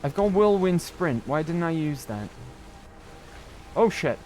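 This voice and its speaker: Streaming a game, a young British man rambles casually and keeps tacking on "right?". His voice is fairly high, animated, and a little mellow, and he speaks without hurrying.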